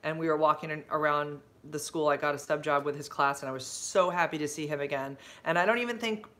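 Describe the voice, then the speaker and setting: A woman chatting on a casual livestream from her phone, rambling through stories with lots of fillers and answering viewer comments as they come in. She jumps into bright, gushing outbursts when she gets excited. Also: low-pitched, fast talker. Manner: rambling and chatty, full of fillers and side-tracks. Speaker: livestreaming vlogger and substitute teacher.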